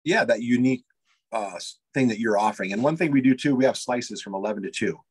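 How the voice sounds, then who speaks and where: Fast-talking pizza shop owner, a man. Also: medium pitch, slightly rough. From United States. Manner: rambling, eager, lots of fillers and restarts. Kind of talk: casual interview chat.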